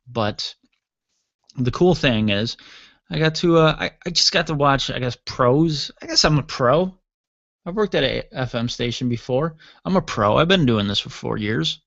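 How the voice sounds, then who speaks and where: A man's voice: medium pitch, lively intonation, normal speed, gravelly, fairly bright tone, dry recording, dull audio. Yawning man rambling on his podcast. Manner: rambling, chatty, jokey asides. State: tired, yawning. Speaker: podcast host. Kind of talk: casual solo podcast talk. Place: home basement studio.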